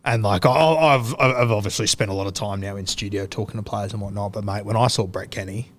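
A man's voice: fairly low pitch, brisk. A man with an Australian accent hosting a podcast and asking casual questions in a friendly way. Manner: matey, prompting questions with fillers. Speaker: podcast host. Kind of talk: casual interview.

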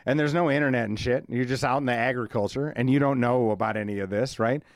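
This studio-quality recording, with no room sound, captures a podcast co-host at a quick pace and medium pitch. He tells loose, animated, profane stories in casual chat, constantly saying "like" and "man."

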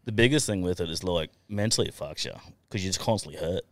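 A man with kids, telling crude, lively stories as a podcast guest and swearing freely. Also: low voice, quick pace, no room sound, clean studio sound. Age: adult with children. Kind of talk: casual storytelling chat.

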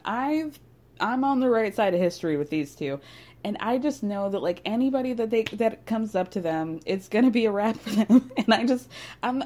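A young woman chatting casually as a podcast host, gossipy and animated, swearing freely and laughing often. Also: mid-range voice. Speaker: podcast host recapping reality TV. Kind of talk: casual chat.

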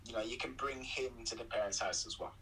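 A young man in a relaxed, rambling chat, talking earnestly and affectionately to the woman beside him. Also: medium pitch, fast, a little hiss or hum, rough recording. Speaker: co-host of a video chat. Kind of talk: casual chat.

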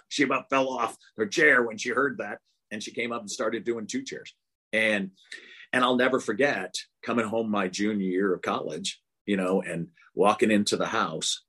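Older man, from Texas, husky, low-pitched, earnest, rambling storyteller. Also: a bit bright. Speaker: guest, author. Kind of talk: casual interview talk.

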